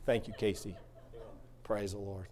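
A male pastor preaching a sermon, swinging from quiet musing to fervent shouting. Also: lowish voice, little pitch movement, unhurried.

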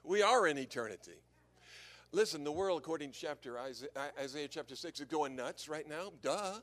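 An older man giving an anecdotal sermon as a visiting preacher, telling stories in a lively way and chuckling at his own jokes. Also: a little high, a little fast.

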